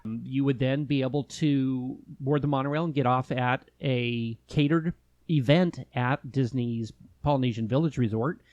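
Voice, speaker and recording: A man's voice: mid-range voice, moderate pace, a little mellow, no echo, highs cut off. A man from California co-hosting a podcast, joking and chatting casually with fillers. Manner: playful, jokey, trails off with fillers. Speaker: podcast co-host. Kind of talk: casual chat.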